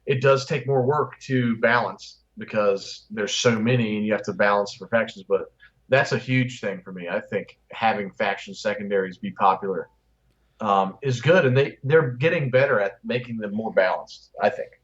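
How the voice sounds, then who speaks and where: A man co-hosts a podcast in relaxed, casual chat. He talks in loose run-on thoughts and gives his opinions freely. The recording is slightly dull and lo-fi. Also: on the low side, moderate pace. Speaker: podcast co-host.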